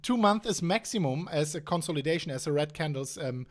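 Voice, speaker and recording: A man with a German accent hosting a casual market talk on a call, animated and speaking slightly broken English. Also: on the high side, a little fast. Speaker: host.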